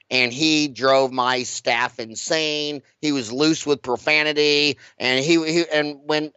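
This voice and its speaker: This somewhat high-voiced interview guest is blunt and animated, pressing his arguments forcefully in casual conversation while tripping over repeated words. His tone is clean, and the sound is dry and close yet dull and lo-fi.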